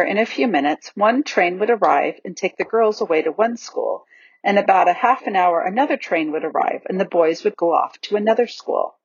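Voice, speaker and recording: Woman narrating a storybook, lively rising and falling voice, dry close sound. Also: mid-range voice, slightly rough, dry recording, highs cut off. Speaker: audiobook reader.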